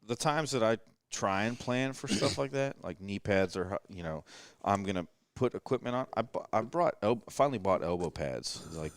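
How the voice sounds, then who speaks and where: A man's voice: on the low side, animated, normal speed, hardly any pauses, no echo, clean studio sound. A man in his thirties telling self-deprecating stories in a casual late-night chat at a rental house. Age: 30s. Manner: self-deprecating storyteller, joking. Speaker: podcast guest shooter. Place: rental house living room.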